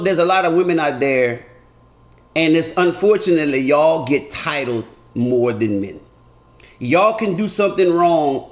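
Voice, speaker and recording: A man doing an animated comedic monologue that turns earnest and preachy. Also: on the high side, roomy sound. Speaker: comedian vlogger.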